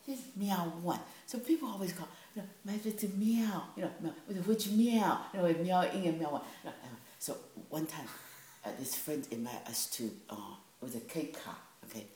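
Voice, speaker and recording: Low-voiced older woman telling family stories. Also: a little fast. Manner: animated, acts out voices, laughs often. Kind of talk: casual family storytelling. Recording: echoey room, faint hiss.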